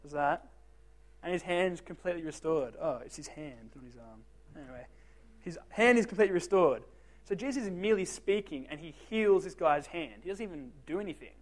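A man's voice: on the high side, lively intonation, a little fast. A young man giving a casual youth group talk, joking and self-deprecating, asking the teens direct questions. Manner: talks straight to the teens with questions.

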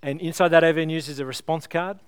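A man's voice: fairly high pitch, fairly even intonation, clear, resonant tone. A man preaching a sermon at a church service, earnest and pleading, leading the congregation in prayer. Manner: earnest, pleading, builds with illustrations then slows to prayer. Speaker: pastor.

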